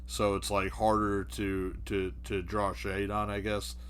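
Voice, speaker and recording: A man's voice: on the low side, little pitch movement, fairly bright tone, slight background noise. A man in a casual podcast chat, hedging and swearing as he halts through his point. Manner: halting, profane, hedging.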